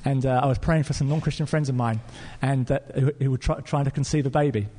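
An Englishman preaching a sermon, telling a story in an earnest, animated way with fillers and restarts. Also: mid-range voice, quick pace. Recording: long reverb of a church hall.

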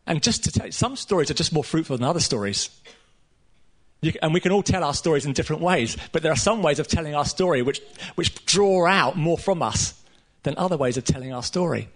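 A man preaching a sermon to a room of listeners, earnest and emphatic, with casual asides and pauses. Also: fairly high pitch, expressive. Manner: casual asides with light laughter. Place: room with a live audience.

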